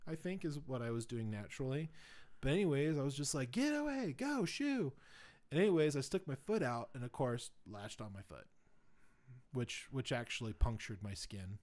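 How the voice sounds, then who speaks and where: Guy on a podcast telling a story, lots of um and like, mid pitched voice, gets loud when it gets exciting. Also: fairly quick. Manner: rambling, filler-heavy, grows louder and excited retelling events. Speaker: podcast host. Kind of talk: casual storytelling chat.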